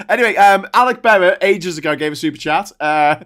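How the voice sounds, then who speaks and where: Host, male, Liverpool accent, slightly high voice, animated and jokey, casual livestream banter. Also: moderate pace. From Liverpool, England. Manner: animated, joking, bursts of laughter.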